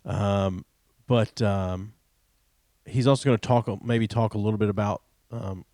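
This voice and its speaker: A man co-hosting a podcast in casual chat, relaxed and quick to laugh, with a lot of ums and restarts. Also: on the low side, no echo, clean studio sound. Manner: laid-back, easily amused, hesitant with many ums. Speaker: podcast co-host.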